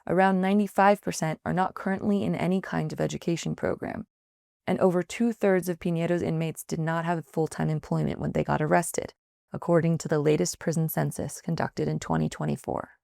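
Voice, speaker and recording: A woman reporter reading a written field investigation aloud in a measured, even scripted news narration. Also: sits low, gravelly, no echo, studio quality.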